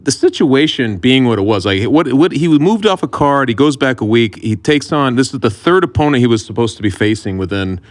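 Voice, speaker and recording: A man's voice: medium pitch, expressive. A man co-hosting a sports podcast, talking through a fighter's last bout. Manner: quick, reasoning analysis. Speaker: podcast co-host. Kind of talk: casual sports talk.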